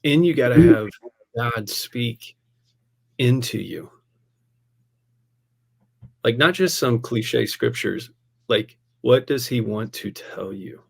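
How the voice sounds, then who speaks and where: A man's voice: mid-range voice, slow pace, creaky, long pauses, husky. Man telling a story with lots of laughs. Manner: animated, laughs often, peppers speech with "man" and "dude". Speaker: pastor. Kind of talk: casual storytelling in a podcast conversation.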